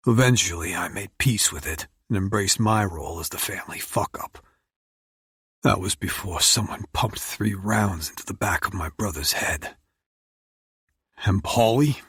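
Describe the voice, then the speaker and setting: Husky low guy reading a dark audiobook, brooding, dry close mic. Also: normal speed, dry recording. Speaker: audiobook narrator. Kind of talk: first-person audiobook narration.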